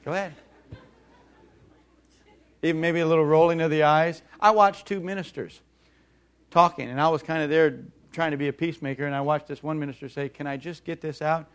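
A man preaching a sermon in an animated way, acting out voices and calling on the congregation to respond. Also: on the high side, brisk, long pauses, smooth. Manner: animated, acts out mocking voices, calls for audience response.

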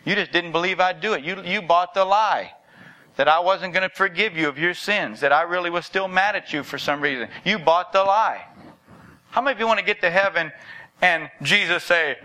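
A man preaching a sermon as pastor of his church, speaking with repetition and building to an emphatic pitch. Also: moderate pace, sharp tone, rough recording. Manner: preaching with rising intensity and repetition.

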